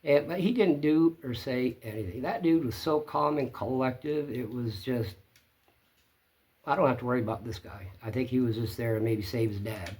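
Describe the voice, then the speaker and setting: Man, channel host, casual story to camera, plainspoken, rambling, mid pitch. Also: normal speed, darkish tone.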